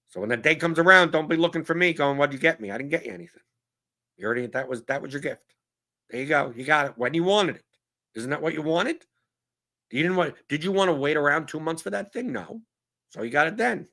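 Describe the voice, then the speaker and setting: Male host, gravelly, slightly high voice, blunt and exasperated, swears freely. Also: sharp tone. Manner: blunt, profane, exasperated riffing. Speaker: podcast host answering viewer questions. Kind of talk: casual ranting Q&A monologue.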